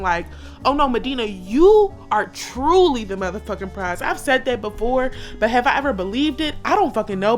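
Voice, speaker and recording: A woman's voice: fairly high pitch, sharp tone. A woman in her thirties talking candidly and emotionally in a personal vlog, blunt and swearing often. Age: 30s. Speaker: vlogger.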